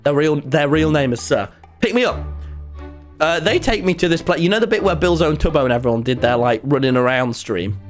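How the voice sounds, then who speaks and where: A young man chats to his stream audience in a lively, fairly high voice that swings up and down a lot. He's excitable and jokey, swears freely and breaks into loud high shouts. Faint music plays underneath. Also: fairly quick. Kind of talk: casual storytelling to a live chat.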